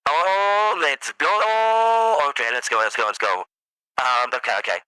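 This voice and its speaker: A man's voice: fairly high pitch, a little slow, bright, forceful tone, clear, resonant tone, no echo, low-quality recording. A man hosting a live stream, casually chatting and reading documents aloud. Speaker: streamer host.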